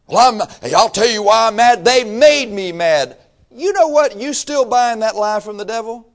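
A man preaching a sermon emphatically, swinging from low asides to shouted exhortation, reading scripture aloud and acting out his listeners' excuses.

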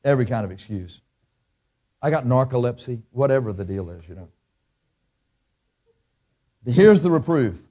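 A man preaching a sermon as pastor, blunt and emphatic, acting out people's excuses in a higher whiny voice. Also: sing-song, moderate pace, long pauses, warm tone.

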